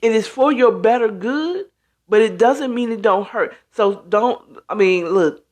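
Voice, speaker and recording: A woman's voice: fairly high pitch, measured pace, darkish tone. A woman hosting a casual talk show, speaking emphatically and acting out quoted reactions as she goes. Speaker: host.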